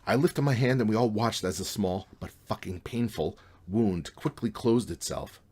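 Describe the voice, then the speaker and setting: A man's voice: lowish voice, normal speed, darkish tone, breathy edge. A man reading his own novel aloud in a casual, wry way. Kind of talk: audiobook reading.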